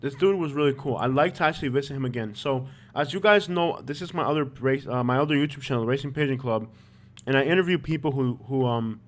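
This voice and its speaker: A man's voice: mid-range voice, fast. A man hosting a live stream, chatting casually and rambling with lots of fillers. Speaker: YouTube host.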